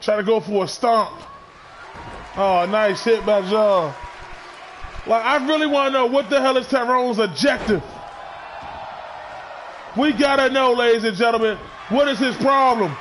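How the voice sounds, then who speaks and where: A man with a very high voice calls a wrestling match play by play, loud and excitable, often shouting and tripping over his words. A faint crowd murmurs behind him. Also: a little slow, long pauses, slight background noise. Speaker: wrestling commentator. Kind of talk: play-by-play commentary.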